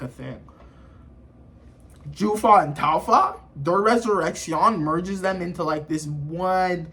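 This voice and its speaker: Man, high voice, casual reviewer who retells scenes in a loose, rambling way full of fillers. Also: fairly bright tone. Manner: rambling, full of "you know" and "like". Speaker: anime reviewer.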